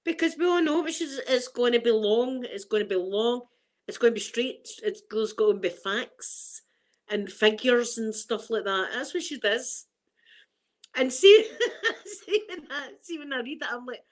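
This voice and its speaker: A middle-aged Glaswegian woman talks casually to her viewers. She rambles cheerfully and laughs often. Her voice is wearing thin and turning hoarse. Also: on the high side, animated, normal speed, rough recording. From Scotland. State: voice going hoarse. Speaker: vlogger.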